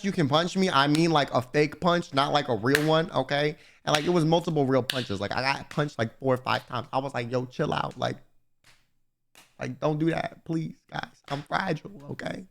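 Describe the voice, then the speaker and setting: A man's voice: a little high, fairly bright tone. A man streaming live, casually telling a long convention story to his chat, rambling and swearing a lot.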